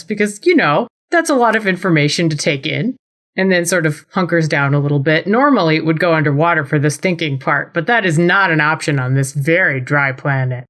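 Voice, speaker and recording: A woman's voice: deep voice, a bit bright. A woman telling an improvised comic story on a podcast, wry and playful. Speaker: podcast player.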